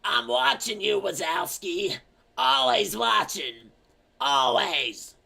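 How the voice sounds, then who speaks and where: A man's voice: high-pitched, very animated, slow pace, vocal fry, pushed and bright, voice pushed up, full character voice. A man putting on a drawling old slug monster lady. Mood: menacing. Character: grumpy old female slug monster clerk.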